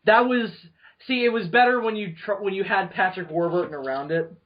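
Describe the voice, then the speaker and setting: A young man co-hosting a podcast, chatting casually, excitable and quick to laugh. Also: high voice. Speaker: podcast co-host. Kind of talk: casual chat. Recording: dull lo-fi recording.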